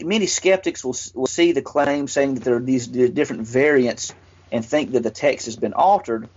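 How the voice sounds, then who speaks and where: A man's voice: mid-range voice, darkish tone, slightly rough. A man explaining earnestly in casual discussion, often restarting his sentences. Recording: dull lo-fi audio.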